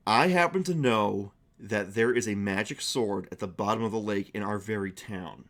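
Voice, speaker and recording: A jittery small-town barkeep who keeps his voice low and secretive, shaken and worried as he whispers what he knows, as a man puts him on. He stumbles over his words, with a pitch that sits down in a middle register. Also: natural voice. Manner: shaky, worried, hushed and secretive. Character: nervous adult male barkeep in a small town.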